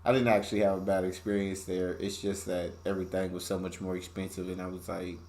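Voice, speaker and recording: A man's voice: low voice, level tone, fast, a little mellow. A man from Texas, reacting casually to a video with loose exclamations. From Texas, USA. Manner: loose, exclamatory, laughs along.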